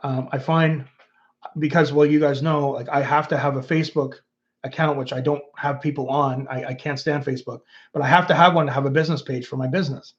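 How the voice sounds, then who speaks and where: A Canadian YouTube host in his fifties rambles through a casual livestream chat, reading viewer comments aloud. His medium-pitched voice is steady and a little fast, and the recording sounds muffled.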